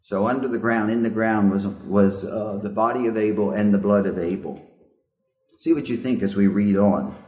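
A man's voice: fairly low pitch, moderate pace, a little mellow, echoey room, muffled recording. A male preacher giving a sermon in a reflective, questioning way. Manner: reflective, asks the listeners questions.

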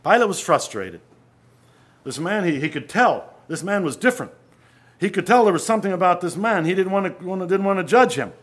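A man preaching an earnest sermon, often dropping to a hush and then rising to loud emphasis. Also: high voice, sing-song, fairly quick.

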